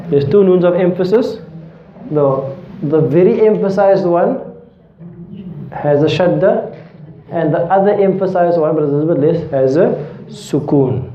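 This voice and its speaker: A man with a fairly high voice teaches a grammar class. He quizzes the room and answers himself, going over each term again. The sound is roomy and a little dull, like a lo-fi classroom recording. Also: unhurried, pauses often, a little hiss or hum. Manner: asks the class questions and answers them himself, repeats key terms. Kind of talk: classroom lesson.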